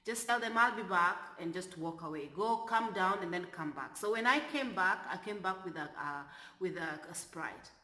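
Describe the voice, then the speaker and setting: Bright-voiced woman telling a work story. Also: fairly low pitch, normal speed, echoey room. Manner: animated retelling, rising loud when exasperated. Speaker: flight attendant. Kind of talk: storytelling vlog.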